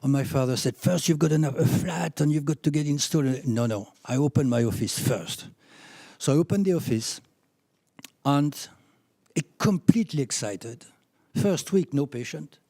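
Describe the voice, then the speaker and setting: A man in his seventies from France with a French accent, telling anecdotes from his career as a chiropractor in a lively, laughing way. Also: a little high, normal speed, gravelly, no echo, clean studio sound. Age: 70s. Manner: animated anecdotes with laughs, rising when excited. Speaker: chiropractor speaking at a conference. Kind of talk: storytelling talk.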